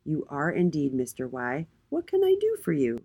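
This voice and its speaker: A woman voicing a proud, kindly male king in a children's storybook, speaking loudly and grandly. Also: low voice, wildly swooping pitch, moderate pace, husky, exaggerated voice. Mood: regal, jolly. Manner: loud, proud and warm. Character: regal booming male king, kind and jolly.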